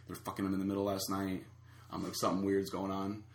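A man's voice: low-pitched, quick pace, reverberant, a little hiss or hum. A man casually telling a long anecdote, acting out the other people's lines. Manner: animated storyteller acting out quotes. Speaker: storyteller guest.

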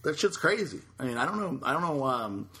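A man's voice: mid-range voice, sing-song, fairly quick, bright, forceful tone, a little hiss or hum. A man hosting a podcast in casual chat, talking in a loose, blunt way with casual swearing. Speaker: podcast host.

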